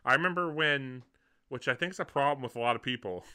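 A man's voice: medium pitch, fast, sharp tone, clear, resonant tone. A man in casual conversation, rambling and often hedging as he shares his opinions. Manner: rambling, hedges and restarts often. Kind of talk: casual film discussion.

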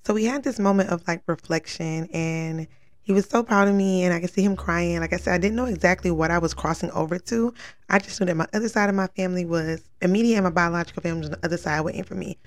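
A woman's voice: fairly low pitch, fast. A woman casually telling a long personal story, rambling and earnest, full of "like" fillers. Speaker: vlogger recounting a dream.

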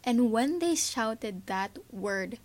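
Her voice sits on the high side and sounds a little mellow and expressive, and she takes a slow pace. The Filipino podcast host offers casual personal commentary, earnest and emotional, with frequent fillers.

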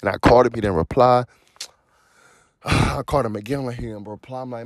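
A young man telling his own story in a casual, animated, slangy way, full of profanity and acted-out dialogue. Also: mid-range voice, fairly quick, pauses often, no room sound, clean studio sound.

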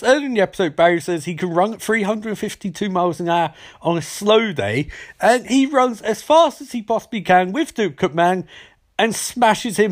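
Animated, sarcastic man with a high, swooping voice, riffing on a TV episode's plot holes. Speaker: TV episode reviewer. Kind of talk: comedic episode recap.

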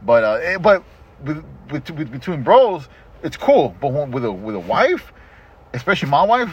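A middle-aged man chats on a podcast, telling stories in an animated, profane way. His voice is husky and sits a little high. The audio is dull and lo-fi. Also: moderate pace. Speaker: podcast host. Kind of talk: casual chat.

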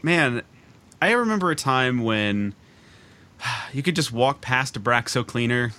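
Giggly, bright-voiced man playing a game. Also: medium pitch, unhurried. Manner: giggly, playful, lively commentary while playing. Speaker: podcast co-host playing the game. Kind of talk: casual gaming chat.

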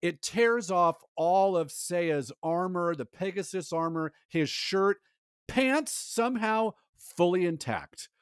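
Guy cohosting a podcast, kinda high voice, rambly and animated, dry close mic. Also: slow pace, smooth, no echo. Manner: animated, rambling, acts out movie lines. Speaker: podcast co-host. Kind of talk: casual chat.

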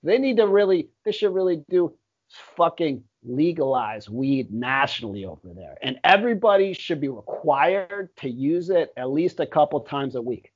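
Laid-back swearing man, slightly high voice. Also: animated, normal speed. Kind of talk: casual chat. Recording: dull lo-fi audio.

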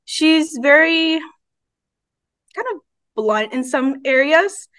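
Shy, higher-voiced teen girl. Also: slow pace, a bit bright, dry recording. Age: teens. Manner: shy, hesitant, giggly. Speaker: student actor. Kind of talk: casual interview.

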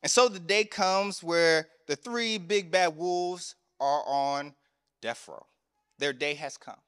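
A man's voice: high voice, lively intonation, normal speed, a bit bright. A man preaching a sermon as a chaplain. He tells a story in a conversational way and asks the congregation questions. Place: chapel. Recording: long reverb of a chapel.

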